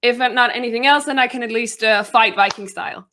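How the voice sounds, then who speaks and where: A woman's voice: fairly high pitch, a little fast, bright, forceful tone, slight background noise. A young woman from Denmark with a Danish accent, a guest giving a chatty self-introduction with frequent laughter.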